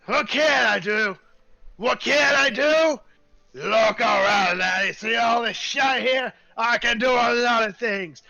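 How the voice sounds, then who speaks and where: Gruff old dwarf blacksmith, loud, cursing, high and sharp, dull lo-fi sound. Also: male voice, slow, no room sound, full character voice. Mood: boastful. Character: grumpy foul-mouthed old male dwarf blacksmith.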